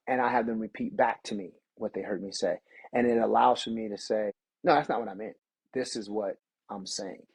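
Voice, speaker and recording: Earnest husky-voiced man telling stories. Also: fairly low pitch, no room sound, low-quality recording. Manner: earnest, storytelling, restarts often. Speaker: podcast guest. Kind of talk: candid reflective conversation.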